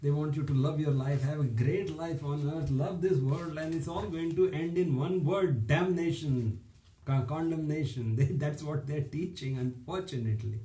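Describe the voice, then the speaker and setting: A man's voice: fairly high pitch, normal speed, warm tone, roomy sound, low-quality recording. A man preaching an informal online sermon, emphatic and repetitive, with little chuckles between phrases.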